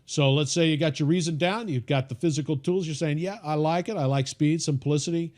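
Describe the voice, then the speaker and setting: A man's voice: fairly high pitch, brisk, a little mellow. A man teaching an informal podcasting course, talking in a folksy, emphatic coaching way with frequent repeats and restarts.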